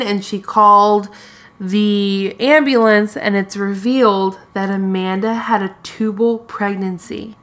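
Woman, mid-pitched voice, casual podcast chat, steady plot retelling. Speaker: podcast co-host. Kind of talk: casual chat recapping a TV show.

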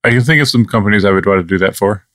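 A man's voice: on the low side, rapid-fire, noisy background. A man co-hosting a podcast in casual chat, making dry, wry, sleepy quips. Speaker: podcast co-host.

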